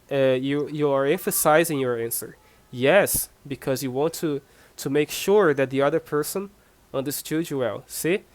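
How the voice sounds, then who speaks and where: With a medium-pitched voice and no room sound, a Portuguese teacher from Brazil leads an online class in English, his second language. His Brazilian Portuguese accent comes through as he patiently repeats points and gives examples.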